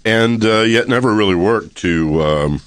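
Deep-voiced middle-aged radio host. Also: male voice, a little slow, no echo. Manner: admiring, conversational. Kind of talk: radio interview. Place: radio studio.

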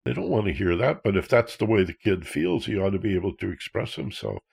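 Gravelly low-voiced man explaining earnestly. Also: animated, fairly quick, a little mellow. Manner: earnest, explanatory, with rhetorical questions. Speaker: counselor. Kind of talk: talk on emotional self-awareness.

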